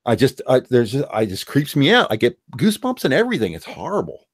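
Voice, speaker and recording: A man's voice: medium pitch, huge pitch swings, quick pace, no echo, clean studio sound. A man hosting a live stream, giving blunt, rambling opinions in casual chat. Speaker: streamer hosting a call-in discussion.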